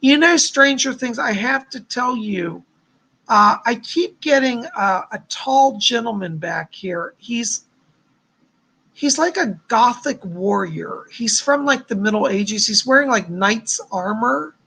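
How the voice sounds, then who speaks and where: A man's voice: extremely high pitch, animated, slow pace, vocal fry, sharp tone, slightly rough. A man hosting a live stream of psychic readings, chatty and effusive, reading out viewers' messages and showering them with thanks and blessings. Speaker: psychic host.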